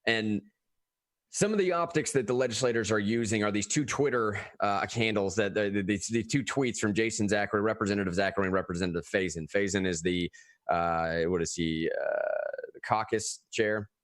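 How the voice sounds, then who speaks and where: A man talking casually about politics as a podcast co-host, animated and often restarting his phrases. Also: lowish voice, normal speed, no room sound, clean studio sound.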